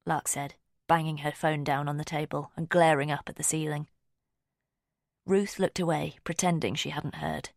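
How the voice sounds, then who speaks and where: A woman reading a mystery audiobook in a steady, measured storytelling voice. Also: low-pitched, creaky, no room sound, clean studio sound. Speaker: audiobook narrator. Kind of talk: scripted narration.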